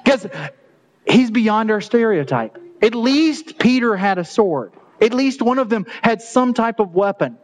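A male pastor preaching a sermon with a slightly higher voice than most men. He keeps it loose and conversational, tossing in jokes and chuckling at his own asides. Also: rough recording.

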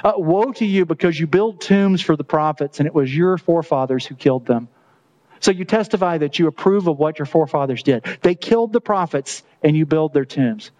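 A male pastor preaching a sermon with a slightly higher voice than most men. He keeps it loose and conversational, tossing in jokes and chuckling at his own asides. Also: expressive, fairly quick, darkish tone, highs cut off.

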